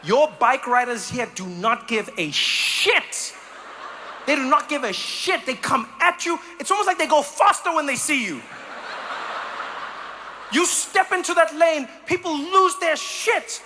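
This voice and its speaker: A man from South Africa works a stand-up crowd with a high, piercingly bright voice. He is animated, breaking into exaggerated impressions and noises mid-story. A slight background hiss sits beneath the recording. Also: a little slow. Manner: animated, acts out voices and sounds with sudden high bursts. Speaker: stand-up comedian. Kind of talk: stand-up comedy set.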